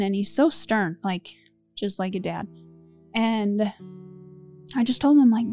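Young woman remembering the day, emotional, soft guitar behind. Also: mid-range voice, steady tone, a little slow, long pauses. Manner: emotional first-person recollection. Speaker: interviewee recounting events.

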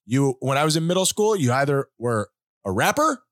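A man hosting a podcast, telling a rambling story in casual chat with animated, joking asides. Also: medium pitch, a little fast, dry recording, clean studio sound. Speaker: podcast host.

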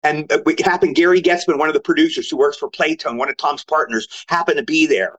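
An older man, appearing as a guest actor, tells casual stories in a slightly high voice at a quick pace. He's animated and raises his voice when quoting what other people said. The audio is lo-fi, recorded remotely.

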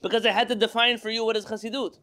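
High-voiced male teacher giving a Torah lecture, reading Hebrew and explaining it in English. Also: flat delivery, racing, pushed and bright. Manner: reads Hebrew text then explains in English, asks rhetorical questions.

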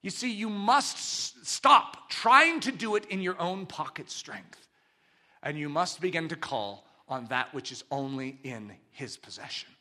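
A man preaching a sermon, swinging between loud, forceful exclamations and quiet, intimate asides. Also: on the high side, lively intonation, measured pace. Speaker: pastor.

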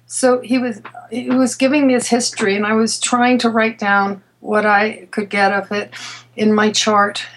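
A woman guest telling a personal story in conversation, halting and restarting her sentences, laughing now and then. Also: on the high side, level tone, poor audio. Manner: halting, with many restarts and repeated words. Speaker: interview guest.

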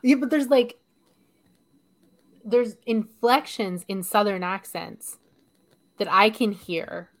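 A woman with a light Canadian accent co-hosting a podcast in casual chat, chatty and quick to laugh, often restarting her sentences. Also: mid-range voice. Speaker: podcast co-host.

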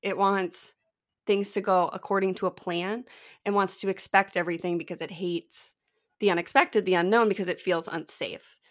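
A woman's voice: lowish voice, steady tone, moderate pace. Reflective woman podcast host. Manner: reflective, storytelling. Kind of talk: conversational podcast interview.

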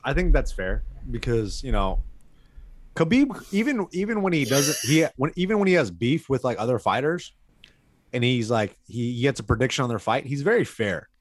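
A man's voice: medium pitch, no echo. A man co-hosting a casual podcast, laid-back and chatty, saying bro and um a lot. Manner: laid-back, says bro, filler words. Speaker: podcast co-host.

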